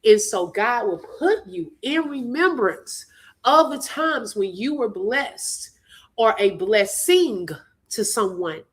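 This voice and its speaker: Brief: woman livestream host, emotional and prayerful, voice slightly high. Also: animated, slow pace, husky. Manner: preaching cadence, laughing through tears. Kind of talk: emotional faith-filled livestream talk.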